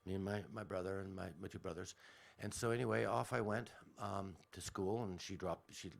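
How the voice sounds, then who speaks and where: Gravelly man rambling through a story. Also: sits low, steady tone, normal speed. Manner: rambling, self-interrupting. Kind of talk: radio storytelling.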